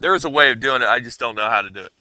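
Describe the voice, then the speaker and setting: Bright casual man teaching a class. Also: mid-range voice, racing, no room sound. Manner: casual, checks in with students often. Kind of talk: classroom coding lesson.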